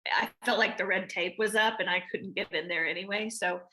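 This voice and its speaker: A woman's voice: mid-range voice, fairly even intonation, brisk, pushed and bright. A woman with a Southern American accent, an actress answering interview questions in a chatty way with many restarts and fillers. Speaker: actress guest.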